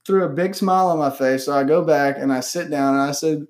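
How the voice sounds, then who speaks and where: A man co-hosting a casual podcast, telling stories with loud, excited quotes and plenty of swearing. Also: a little high, a little fast, few pauses. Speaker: podcast co-host. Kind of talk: casual chat.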